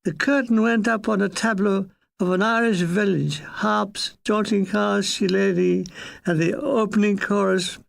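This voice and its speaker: Slow, gravelly older man reading a comic memoir. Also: high-pitched. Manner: dry, deadpan wit. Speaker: narrator.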